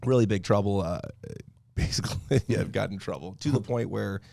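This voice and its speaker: Gravelly-voiced man telling stories. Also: fairly low pitch, moderate pace, slight background noise. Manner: animated, laughs often while telling stories. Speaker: podcast guest. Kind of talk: casual storytelling.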